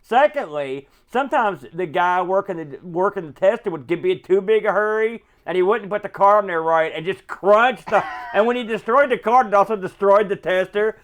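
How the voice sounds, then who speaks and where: A man's voice: high-pitched, moderate pace, hardly any pauses, a bit bright. A man in casual chat as co-host, explaining how things worked on an old job. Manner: explanatory, fills in technical details.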